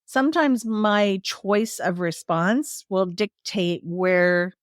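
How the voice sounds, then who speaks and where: A woman's voice: mid-range voice, slow pace, no room sound, clean studio sound. A woman in her sixties, a guest telling caregiving stories in casual conversation, laughing often as she talks. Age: 60s. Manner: lively storyteller, laughs often while talking.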